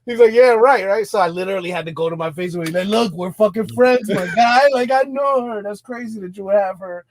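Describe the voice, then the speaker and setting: A young man from New Jersey telling a profane, animated story in a casual podcast chat, laughing often. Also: sits high, fairly quick, a crowd in the background. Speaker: podcast co-host.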